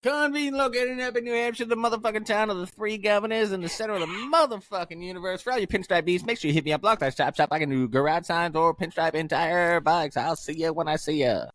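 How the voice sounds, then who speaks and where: A man's voice: high voice, quick pace, hardly any pauses, a bit bright, dry recording. A man co-hosting a podcast, doing plugs and the sign-off in a brash, profane, pushy way. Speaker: podcast co-host.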